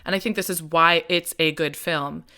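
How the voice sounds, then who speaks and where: A woman from Nebraska co-hosting a podcast, chatting casually in an animated, emphatic way. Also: low voice, normal speed, clean tone. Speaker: podcast co-host. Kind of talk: casual chat.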